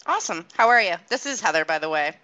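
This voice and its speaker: A woman's voice: fairly low pitch, animated, fast, sharp tone, no echo, highs cut off. A woman hosting a call-in chat, brash and joking with lots of swearing. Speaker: host. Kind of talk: casual podcast chat.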